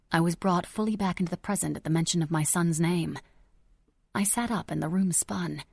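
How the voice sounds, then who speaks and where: Low-voiced woman narrating an audiobook. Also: a little fast, vocal fry, slightly rough, dry recording. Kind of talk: first-person audiobook narration.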